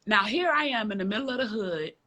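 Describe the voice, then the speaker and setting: A woman's voice: medium pitch, lively intonation, fast, bright, forceful tone. A woman from the south side of Chicago, a guest telling a story in a casual interview, emphatic and frank, repeating phrases for effect.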